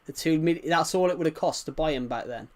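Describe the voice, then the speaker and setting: A man's voice: on the high side, quick pace. A man with an English-Welsh border accent, chatting casually on a livestream, rambling and answering viewers' comments.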